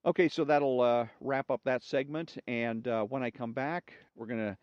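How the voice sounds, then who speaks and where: A man's voice: mid-range voice, steady tone, clear, resonant tone, dry recording, lo-fi sound. A man hosting a monologue, rambling with fillers and then reading jokes aloud. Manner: halting, many fillers and restarts.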